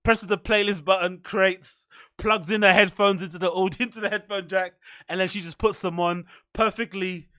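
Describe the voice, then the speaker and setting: A man hosting a podcast, rambling in mocking, profane, animated commentary. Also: sits high, moderate pace, dry recording, clean studio sound. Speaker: podcast host.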